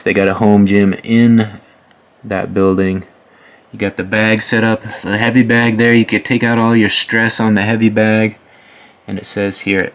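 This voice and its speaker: A man's voice: fairly low pitch, clear, resonant tone. A man hosting a house tour, chatting casually over the photos with folksy asides to his viewers. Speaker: host.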